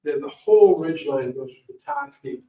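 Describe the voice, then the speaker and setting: A middle-aged man tells a rambling personal story in a library event room, acting out the people in it as he goes. His voice sits high and moves widely. The sound is muffled and echoey, picked up by a mic some distance away. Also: normal speed, gravelly. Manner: animated, rambling, acts out voices. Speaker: guest speaker.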